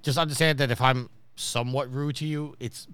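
A man's voice: mid-range voice, steady tone, fairly quick, over a noisy crowd. A man from New York hosting a casual podcast and telling stories, acting out the people he quotes. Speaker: podcast host.

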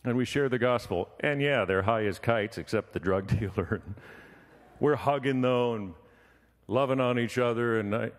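A man's voice: medium pitch, normal speed, in a large hall. A man preaching a sermon, telling a story and acting out the voices in it. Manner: animated, acts out voices in his story.

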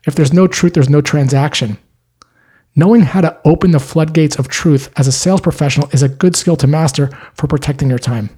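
Mellow, husky-voiced man explaining calmly. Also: a little high, fairly quick. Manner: punchy short sentences, calm explanatory delivery. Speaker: sales trainer. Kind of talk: scripted explainer talk.

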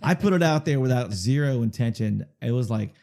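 A man's voice: mid-range voice, animated, fairly quick, gravelly, warm tone. A man, a singer-songwriter guest, telling a rambling story in a casual interview and checking in with the listener as he goes. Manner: chatty, rambling storyteller who keeps checking in with "okay?".

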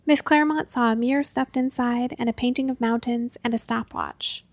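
A woman narrating a storybook with an expressive, measured delivery. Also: fairly high pitch, dry recording.

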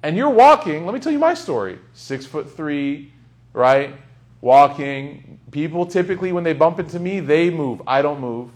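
A young man giving a casual, humorous sermon, telling stories with sudden loud bursts. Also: fairly high pitch, sing-song, normal speed. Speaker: Islamic speaker.

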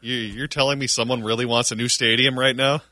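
A man's voice: mid-range voice, level tone, fairly quick, pushed and bright, dry recording. A man co-hosting a radio talk show, chiming in with dry, wry remarks. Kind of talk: casual radio banter. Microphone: studio microphone.

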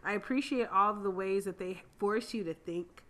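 A woman co-hosting a casual TV review chat, expressive and weighing praise against complaints. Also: mid-range voice. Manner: expressive, laughs easily, measured opinions. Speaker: podcast co-host reviewing a TV series.

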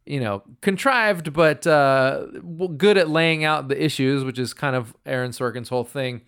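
A man's voice: mid-range voice, normal speed, fairly bright tone, smooth. A man co-hosting a casual podcast chat, laid-back and rambling, with many fillers. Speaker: podcast co-host.

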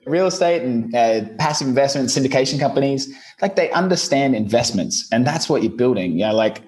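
A man from Australia with an Australian accent, a guest chatting casually and speaking slowly on purpose. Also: mid-range voice. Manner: relaxed, easygoing, deliberately slowed delivery. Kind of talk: casual interview chat.

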